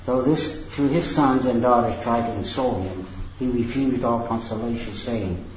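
A man reading a Bible passage aloud to a study group, in a measured, careful way with a few small slips. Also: medium pitch, a little hiss or hum. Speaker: scripture reader. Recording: echoey, dull lo-fi room recording.

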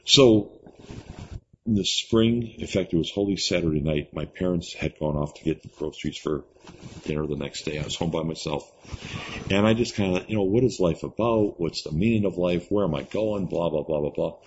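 Deep-voiced older man telling his faith story. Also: moderate pace. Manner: earnest storytelling, laughs often, repeats words. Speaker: interview guest. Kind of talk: personal faith testimony. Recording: slightly muffled recording with faint hiss.

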